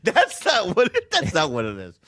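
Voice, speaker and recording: A man's voice: high voice, wildly swooping pitch, moderate pace, fairly bright tone, dry recording, studio quality. A man in casual podcast banter who stammers, giggles and jokes at his own expense. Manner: giggly, stammering, self-deprecating. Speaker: comedian.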